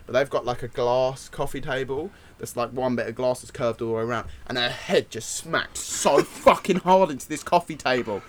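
Crude, animated young man. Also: mid-range voice, moderate pace, hardly any pauses, a little hiss or hum. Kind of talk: casual banter.

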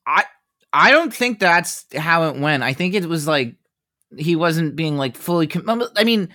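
A man co-hosting a casual sports podcast, hesitant, full of fillers, often trailing off softly at the ends of phrases. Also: fairly high pitch, lively intonation, unhurried, no echo, studio quality. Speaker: podcast co-host.

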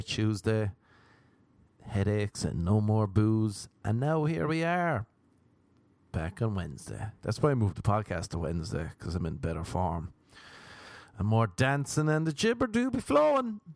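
A man's voice: fairly low pitch, a little mellow, no echo. A young Irish man hosting a podcast, telling crude, rambling stories in a casual monologue. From Ireland. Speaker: podcast host.

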